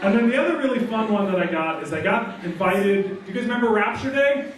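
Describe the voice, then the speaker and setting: A man's voice: sits high, noisy background. Joking comedian man in an echoey hall. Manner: lively, joking, quick asides. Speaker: guest comedian. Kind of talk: stand-up storytelling. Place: large hall. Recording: echoey hall, mic from far off.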